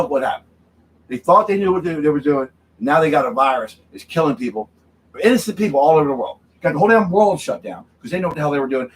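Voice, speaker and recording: A man's voice: a little high, poor audio. A man hosting a drinking livestream, ranting angrily and repeating himself, tagging his points with "okay?". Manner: angry, repetitive ranting, keeps tagging "okay?". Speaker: livestream host. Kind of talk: drinking-show rant. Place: home studio.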